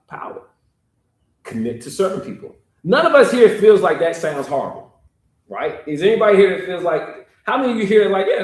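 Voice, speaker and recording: A man's voice: on the high side, a little mellow. A man preaching a sermon, talking directly to the congregation in an easygoing, conversational way. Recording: echoey room.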